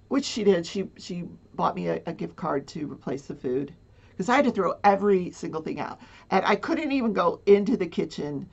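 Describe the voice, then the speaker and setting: Gravelly low woman rambling a story. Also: animated, moderate pace, a little mellow. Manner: rambling, flustered, many fillers and nervous laughs. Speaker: livestreamer. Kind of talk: casual storytelling. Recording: dull lo-fi sound.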